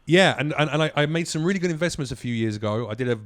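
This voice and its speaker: Fast-talking man telling stories. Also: a little high. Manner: swears freely, animated storytelling. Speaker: podcast guest, comedian. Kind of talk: casual podcast chat.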